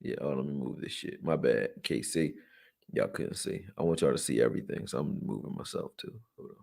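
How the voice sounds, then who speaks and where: A man's voice: rumbling low, fairly quick, vocal fry, a little mellow. A man hosting a live sports channel, talking casually through game film with slang, fillers and restarts, and he is tired. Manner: loose and chatty, slangy, many fillers and restarts. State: tired, yawning.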